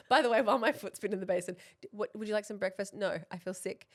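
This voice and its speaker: An Australian woman in her thirties, a podcast co-host telling a story in casual chat, animated and swearing freely, acting out the dialogue. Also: medium pitch, very fast, hardly any pauses.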